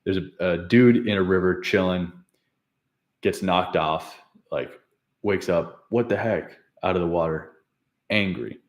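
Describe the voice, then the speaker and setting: A man's voice: low-pitched, a little slow. A young man coaching on habits, recapping a client session in a casual, rambling way, correcting himself and laughing at his own slips. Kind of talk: casual unscripted vlog recap.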